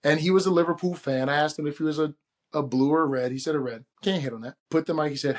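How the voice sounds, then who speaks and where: An animated man tells a travel story in a relaxed monologue. His voice sits a touch higher than most men's, and he acts out the people he quotes with shifting voices. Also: fast. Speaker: podcast host.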